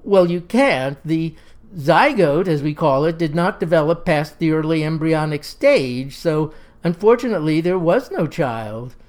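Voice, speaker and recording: A woman reading the part of a calm, professional doctor who explains things patiently and carefully. The voice lifts a little above the reader's usual tone in a storybook telling. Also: low voice, unhurried.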